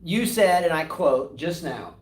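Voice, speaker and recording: Animated high-voiced man in echoey room. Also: measured pace, distant mic. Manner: animated, argumentative, rhetorical questions. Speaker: co-host of live tennis talk show. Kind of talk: casual live-stream discussion. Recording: echoey room, voice away from mic.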